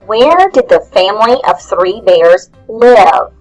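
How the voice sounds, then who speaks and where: Woman teacher, talks real slow, patient questions for little kids. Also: medium pitch, expressive, a little mellow, faint music behind, poor audio. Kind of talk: guided lesson for young children.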